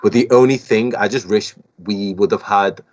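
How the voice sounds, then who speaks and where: A young man with a Liverpool accent talks in a low, relaxed voice, rambling casually as a podcast guest. His audio comes through dull and lo-fi. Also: moderate pace. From Liverpool, England. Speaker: guest musician.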